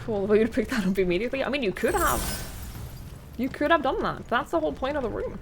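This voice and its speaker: A woman streamer chats casually while playing a video game, rambling along with plenty of "like" fillers and quick laughs. Her voice sits on the high side and is expressive, with background noise behind her.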